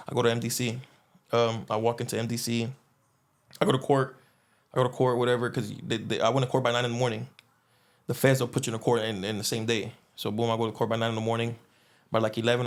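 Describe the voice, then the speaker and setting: A young man telling a long story in casual chat, rambling and filling gaps with "boom" and "you know what I'm saying". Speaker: guest.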